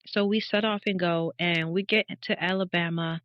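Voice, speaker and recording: A woman in her thirties, a podcast guest, telling her faith testimony as a lively story, acting out the dialogue and laughing often. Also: lowish voice, moderate pace, no echo. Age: 30s. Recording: dull, dry podcast audio.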